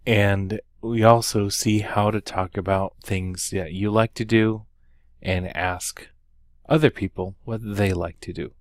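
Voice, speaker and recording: Slow, low-voiced man teaching Spanish. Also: fairly even intonation, no room sound, studio quality. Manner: unhurried, with many ums and uhs, slow careful Spanish examples. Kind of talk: recorded lesson walkthrough.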